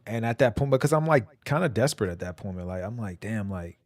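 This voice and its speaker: A man's voice: mid-range voice, expressive, quick pace, dry recording. A young man casually telling long, rambling stories on a stream, with loose slang and frequent laughter. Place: home.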